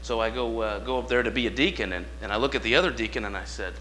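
A man preaching a sermon, telling folksy stories and swinging between quiet asides and loud, emphatic lines. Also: fairly low pitch, fast, a little hiss or hum. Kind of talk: sermon with storytelling.

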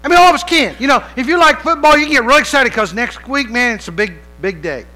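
High, bright-voiced male preacher. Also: animated, fast talker, poor audio. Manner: conversational preaching with rhetorical questions; playful asides and humor. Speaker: pastor. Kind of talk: sermon.

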